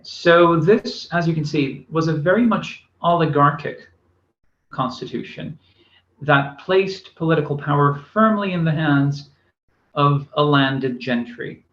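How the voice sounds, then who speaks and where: A man's voice: on the high side, measured pace, a bit bright. A man giving a recorded university lecture, speaking with many fillers and restarts. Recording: echoey room, dull lo-fi sound.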